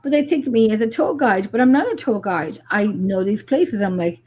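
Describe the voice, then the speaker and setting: A woman's voice: medium pitch, fairly quick, a little mellow, slightly rough. A middle-aged woman, a paranormal investigator chatting casually and animatedly, acting out dialogue and swearing. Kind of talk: casual chat.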